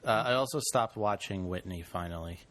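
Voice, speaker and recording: A man's voice: low voice, brisk, a bit bright. A man co-hosting a podcast, trading dry, wry remarks in casual chat. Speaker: podcast co-host.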